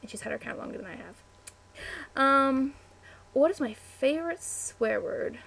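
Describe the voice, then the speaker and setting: A woman's voice: high-pitched, animated, normal speed, gravelly, a bit bright, slight background noise. A chatty young woman, answering a word-list meme on webcam, easily distracted and full of "like" and "um". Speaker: vlogger.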